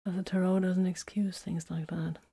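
A woman voicing an exhausted, wounded female warrior in a whispered role-play, speaking softly with quiet teasing. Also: fairly low pitch, little pitch movement, normal speed, husky. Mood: weary. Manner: soft, weary, quietly teasing.

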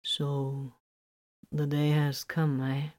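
Woman reading as a wounded male space warrior, slurred quiet murmur, low voice, audiobook. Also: completely flat delivery, drawn-out words. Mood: drowsy.

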